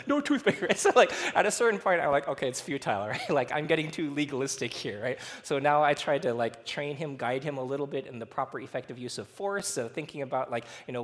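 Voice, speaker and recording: Chatty male preacher in echoing hall. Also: medium pitch. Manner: chatty, laughing, frequent fillers and "right?". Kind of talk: casual sermon with personal stories. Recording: long hall reverb.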